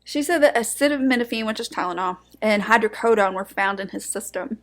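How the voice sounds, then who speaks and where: A woman with a mid-range voice talks fairly quickly as co-host of a true-crime podcast. The chat is casual, and she's emotional and outspoken, throwing in the odd curse word.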